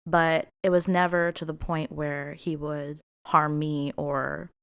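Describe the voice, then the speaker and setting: A woman's voice: low-pitched, level tone, takes it slowly, creaky, a bit bright, smooth, no room sound. A young woman co-hosting a podcast, talking openly and emotionally with lots of fillers and restarts. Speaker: podcast co-host. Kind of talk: casual podcast chat.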